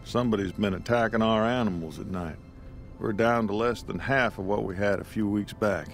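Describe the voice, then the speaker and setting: A man's voice: lowish voice, moderate pace, natural voice. Guy doing tired old-timey rancher from a game, folksy drawl, faint music under it. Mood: weary. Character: weary middle-aged male rancher in a small desert town. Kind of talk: video game character dialogue.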